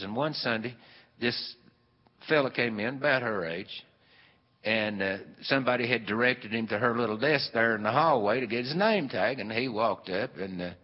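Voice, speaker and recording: Folksy man telling a story. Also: lowish voice. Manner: folksy and meandering, with many fillers. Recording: dull, hall-echoed live recording.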